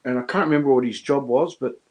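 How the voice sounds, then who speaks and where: A man's voice: medium pitch, fast, darkish tone. A man chatting casually on a live stream, rambling with lots of restarts and chuckles. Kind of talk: casual chat.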